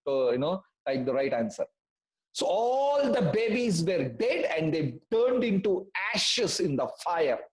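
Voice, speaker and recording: A man telling a story in an online class for children, animated and asking the class questions. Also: a little high, echoey room, rough recording. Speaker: storytelling teacher.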